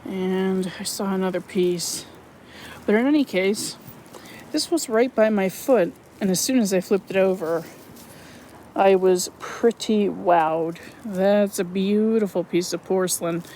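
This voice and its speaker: Chatty excitable woman vlogging outdoors. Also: mid-range voice, a little slow, slight background noise, low-quality recording. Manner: chatty and excitable, self-correcting. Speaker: metal detecting vlogger. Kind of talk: casual outdoor vlog narration. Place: outdoors on a wooded property.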